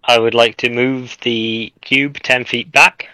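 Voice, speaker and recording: Guy playing a tabletop game, really bright sharp voice, dry close sound, jokey. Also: mid-range voice, little pitch movement, takes it slowly, clean tone, no room sound, poor audio. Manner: playful, jokey, repeats words. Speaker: player. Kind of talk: casual tabletop game play.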